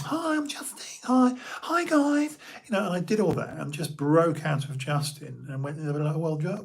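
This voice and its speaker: A middle-aged man, a personal trainer giving an opinionated, rambling monologue full of restarts and asides on his own show. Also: mid-range voice. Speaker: podcast host and personal trainer.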